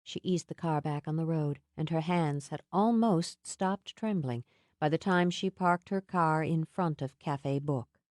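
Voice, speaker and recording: A woman narrating a romance audiobook in an even, measured way. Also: low-pitched, no room sound, clean studio sound. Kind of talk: scripted narration.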